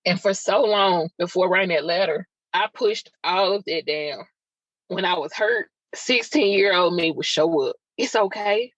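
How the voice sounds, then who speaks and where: A woman's voice: on the low side, normal speed, a bit bright, dry recording. A woman hosting a podcast, telling a personal story in an emotional, raw and confiding way, with chatty asides to her listeners. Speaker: podcast host. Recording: dull lo-fi sound, dry.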